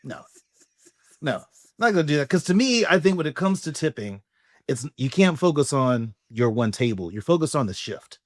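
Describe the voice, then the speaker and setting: A man co-hosting a casual podcast, telling animated stories about waiting tables and laughing often. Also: fairly high pitch, moderate pace, no echo. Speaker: podcast co-host. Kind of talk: casual chat.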